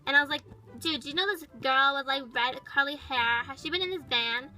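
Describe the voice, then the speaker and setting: A woman's voice: sits high, a little fast, pushed and bright, soft background music, poor audio. A woman voicing a bratty, dramatic young female toy pet, telling a toy storytime with valley-girl chatter full of "like". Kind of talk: toy-figure storytime narration.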